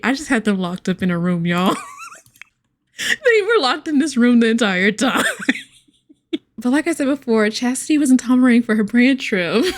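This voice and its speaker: Lively high-voiced young woman gamer. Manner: chatty, laughing a lot, addressing viewers as y'all; excited squeals and playful exasperation. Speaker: gameplay host. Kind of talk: casual gameplay commentary.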